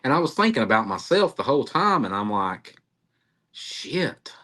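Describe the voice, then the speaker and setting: A middle-aged man in an interview, telling a story in an animated way, acting out quotes and laughing often. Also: medium pitch, fast. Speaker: interviewee, cryptid researcher.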